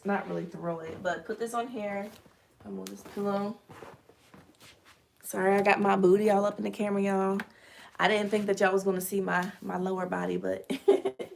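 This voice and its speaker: Speaking in a mid-range voice with vocal fry, a woman hosts a casual live stream from her living room. She chats straight to her viewers while crafting merch, explaining each step as she works.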